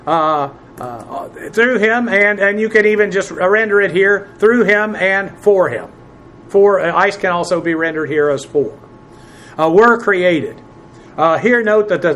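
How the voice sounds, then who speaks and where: A man teaching a Bible passage word by word from the Greek, spelling terms letter by letter and filling pauses with "uh". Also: sits high, fairly bright tone, slight background noise. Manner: spells out Greek words letter by letter, many "uh" fillers; presses emphatic points with rising force.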